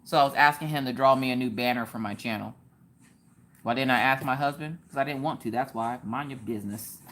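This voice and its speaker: A woman's voice: rumbling low, brisk, slight background noise. Playful woman hosting a craft live stream. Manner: joking, animated, answers chat by name. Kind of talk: casual live-stream chat.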